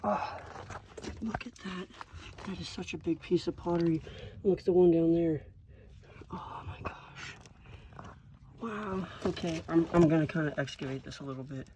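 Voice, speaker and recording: A man vlogging while he crawls through a cramped desert rock cave, straining and exclaiming in excitement. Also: fairly high pitch, moderate pace, background noise. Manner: excitable, keeps exclaiming in wonder. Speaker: hiking vlogger. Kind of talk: casual handheld narration while exploring. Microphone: handheld camera he films with.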